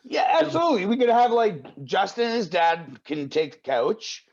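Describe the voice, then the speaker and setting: A man co-hosting a podcast, joking in quick, animated bursts during casual chat. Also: high-pitched, crowd noise. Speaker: podcast co-host. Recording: dull lo-fi audio.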